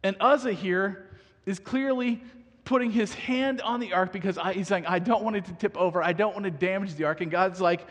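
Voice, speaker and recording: A man preaching a sermon in a lively, animated way, acting out voices and laughing at himself now and then. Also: sits high, brisk, in a large hall. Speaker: pastor.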